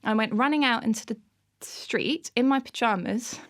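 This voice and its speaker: A woman in her thirties, a podcast guest telling an animated story in casual interview chat, bursting into laughter often. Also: on the high side, moderate pace.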